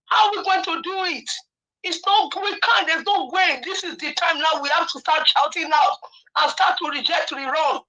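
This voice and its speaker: A woman phones in to a talk show, her high, bright voice coming through a muffled, lo-fi phone line. She speaks with fervent conviction and at times breaks into shouting. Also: normal speed. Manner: impassioned, rising to shouting. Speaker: caller. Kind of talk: call-in radio comment.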